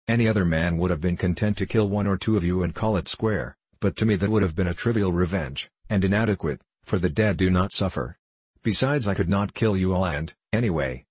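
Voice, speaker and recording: A man voicing a scornful, vengeful male stranger in a measured, contemptuous audiobook reading. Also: sits low, a little mellow, slightly rough, dry recording.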